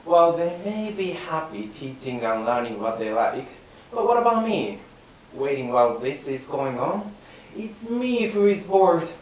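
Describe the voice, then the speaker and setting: A man's voice: on the high side, big pitch swings, unhurried, a little mellow. A man playing a bored, grumbling bystander in rakugo comic storytelling. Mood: exasperated. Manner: grumbling, exasperated muttering. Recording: roomy, distant mic, faint hiss.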